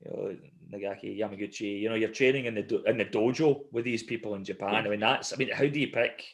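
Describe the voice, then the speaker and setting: A man's voice: on the low side, fast. A middle-aged man hosts a casual chat. He tells stories with plenty of energy and breaks into laughter as he goes. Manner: animated storyteller, laughs often. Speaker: podcast host.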